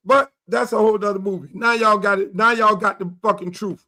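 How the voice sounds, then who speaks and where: A middle-aged man hosting a sports talk show, animated and profane, acting out quoted dialogue as he rants. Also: high voice, fairly quick, hardly any pauses. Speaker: show host.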